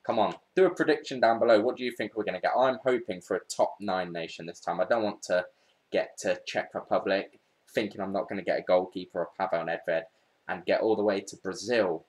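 A man's voice: low voice, a little fast. A man giving casual, chatty commentary over a video game pack opening, talking straight to his viewers as he goes. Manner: chatty, excitable, talks to viewers while searching. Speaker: gaming YouTuber.

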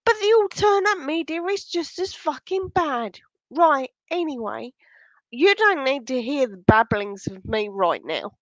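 Woman vlogger, angry and shaken, swearing a lot, stumbling restarts, slightly high voice, slow drawn-out delivery. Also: animated, no room sound, highs cut off. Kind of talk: casual unscripted vlog rant.

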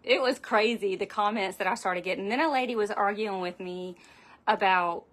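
A woman's voice: medium pitch, fairly even intonation, normal speed, fairly bright tone. A woman hosting a chatty livestream wreath-making tutorial from her home craft room, greeting viewers by name as she works. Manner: talkative, chats with live viewers by name.

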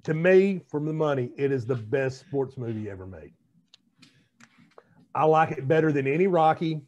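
A man's voice: medium pitch, expressive, normal speed, darkish tone, highs cut off. A man co-hosting a casual podcast, telling rambling stories in a chatty way. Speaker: podcast co-host. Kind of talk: casual chat.

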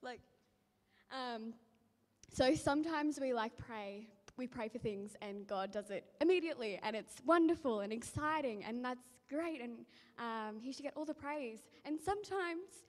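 Chatty woman in a reverberant church. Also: high-pitched. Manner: chatty, many ums and likes. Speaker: church member sharing a testimony. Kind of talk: scripture reading and casual testimony.

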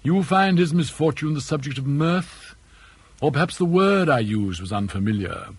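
A man's voice: a little high, lively intonation, slightly rough, pitched above the performer's own voice. A man doing an arch, teasing old father. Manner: arch, ironic, drawn-out emphasis. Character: elderly English father, dry, mischievous, mock-courteous.

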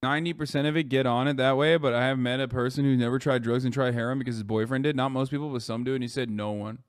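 A man's voice: mid-range voice, fairly even intonation, quick pace, no echo, clean studio sound. A man in his thirties commenting on a video during a live stream, reading chat aloud and ranting with heavy swearing. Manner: reads viewer chat aloud.

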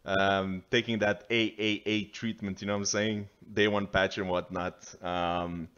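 A man's voice: on the low side, level tone, a little slow, fairly bright tone, clean tone, highs cut off. A man hosting a casual reaction video, rambling and thinking aloud as he watches. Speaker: video host reacting to a trailer.

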